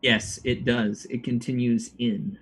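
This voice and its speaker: A man running a tabletop game as game master, describing the scene in a measured way. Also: mid-range voice, little pitch movement, fairly bright tone, husky.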